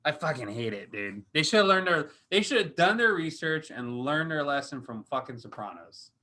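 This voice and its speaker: Brash, bright-voiced male film podcaster. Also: fairly high pitch. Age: adult with a young daughter. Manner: profane, animated, mocking, quick reversals. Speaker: podcast host. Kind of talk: casual film review chat.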